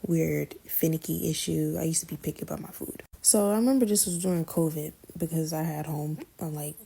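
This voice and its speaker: A young woman casually continuing a family story in a relaxed, slangy way. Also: deep voice, vocal fry, breathy edge. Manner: relaxed, slangy, drawn-out retelling.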